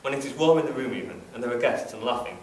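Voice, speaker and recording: A man reading aloud as an old grieving widowed father, slow and mournful, without putting on an accent. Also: medium pitch, echoey room, recorded from a distance, a little hiss or hum, natural voice, poor audio.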